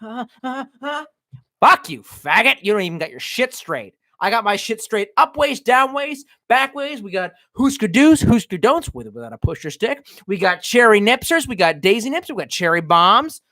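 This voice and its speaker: A drunk man from Baltimore rants on his stream, profane and mocking. His pitch swings widely as he jumps between yelling and low muttering. The sound is dry and close. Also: big pitch swings, normal speed, dry recording. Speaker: streamer reading chat. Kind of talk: casual livestream rant.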